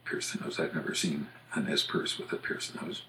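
A man from the United States hosting a podcast, casually explaining things in a measured way and spelling words out letter by letter. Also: a bass voice, little pitch movement, sharp tone, echoey room, slight background noise. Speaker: podcast host on English usage.

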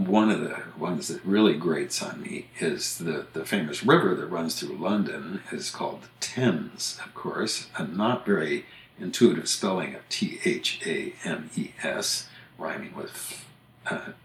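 A very deep-voiced older man chats casually as a podcast host. He muses aloud, stops to correct himself and starts over. His voice rings in a roomy, echoey space. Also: slight background noise. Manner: musing, self-correcting, chatty. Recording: roomy echo.

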